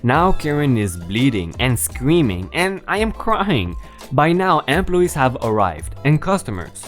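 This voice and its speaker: Male story narrator, animated delivery, mid-range pitch, expressive commentary, faint music behind. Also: a little slow. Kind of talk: reading online stories aloud with commentary.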